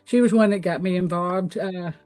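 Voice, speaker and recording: A woman's voice: lowish voice, moderate pace, a little mellow. A middle-aged woman with a Southern accent, speaking as a guest in an interview. She tells her story in an earnest, candid way, peppered with fillers. A faint bed of music sits behind her voice. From Tennessee. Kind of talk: interview answers.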